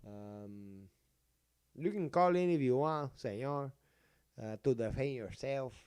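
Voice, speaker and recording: A man's voice: medium pitch, slow, darkish tone, clear, resonant tone, dry recording. A man hosting a livestream, rambling in casual commentary with lots of fillers and swearing. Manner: rambling, profane, many fillers. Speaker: livestream host.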